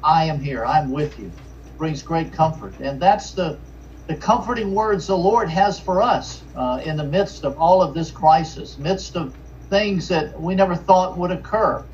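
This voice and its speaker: A man, a pastor from Richmond preaching an earnest sermon with halting restarts and fillers. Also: sits high, a little mellow. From Richmond, Virginia. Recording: distant, dull lo-fi mic with faint noise.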